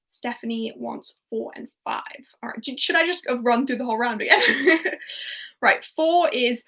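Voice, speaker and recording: A woman's voice: a little high, a little slow, a bit bright, rough recording. A young woman hosting a livestreamed quiz in a casual, chatty way. She laughs often and reads questions out, then repeats them. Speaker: quiz host.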